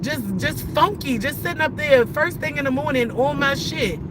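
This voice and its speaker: A woman's voice: high voice, expressive, normal speed. A woman in her thirties on a live stream, cursing and ranting heatedly at viewers while she drives. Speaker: livestreamer. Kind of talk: angry live-stream rant. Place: inside a car while driving. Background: faint car noise.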